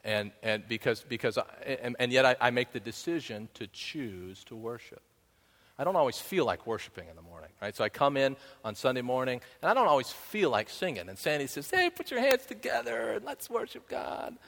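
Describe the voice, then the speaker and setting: A pastor with a mid-range, fairly bright voice preaches a conversational sermon in a church sanctuary, his intonation lively and his pace a little fast. He keeps asking the congregation "right?" and slips into snatches of song. The recording carries a long hall reverb.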